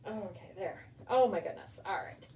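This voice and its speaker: A woman's voice: mid-range voice, normal speed, a little mellow. Woman reading a storybook to a rabbit. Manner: chatty asides to a pet. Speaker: rabbit-keeping homesteader and channel host. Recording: echoey room, distant mic, faint background noise.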